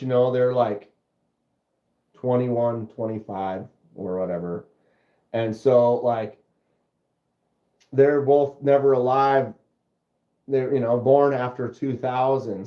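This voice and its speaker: A man's voice: medium pitch, echoey room, dull audio. A man hosting a knife channel livestream, casually reading viewer comments aloud and joking, often breaking into giggles. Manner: jokey, breaks into giggling fits.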